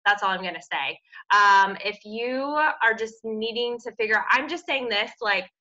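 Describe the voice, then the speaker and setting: A woman's voice: mid-range voice, moderate pace, bright, forceful tone. A woman coaching her team with an earnest, upbeat motivational talk about gifts and purpose. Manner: earnest, upbeat, faith-based encouragement. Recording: dull lo-fi audio.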